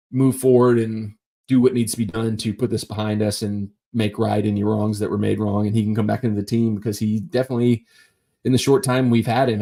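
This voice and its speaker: A man talks sports by himself on a live stream. His voice sits a little low, and he wanders through his points with lots of fillers and restarts. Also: dark tone. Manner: rambling, many fillers and restarts. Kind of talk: casual solo sports talk.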